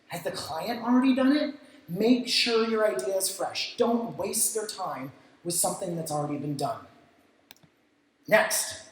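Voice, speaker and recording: A man gives an energetic talk at a creative industry event. He acts out clients' reactions and drops the odd casual swear word. His voice rings through a large, very echoey hall. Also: extremely high pitch. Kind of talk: stage talk with practical lessons.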